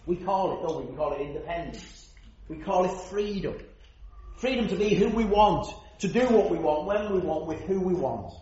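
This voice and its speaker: A man's voice: sits high, lively intonation, moderate pace, dark tone. A man preaching an earnest sermon, stressing his points and asking rhetorical questions. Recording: roomy, dull church recording.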